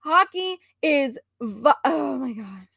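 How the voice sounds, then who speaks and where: Female co-host, high and sharp, exasperated ranter, dry close sound. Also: takes it slowly, no echo. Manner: animated, ranting and exasperated. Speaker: stream co-host. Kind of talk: casual chat.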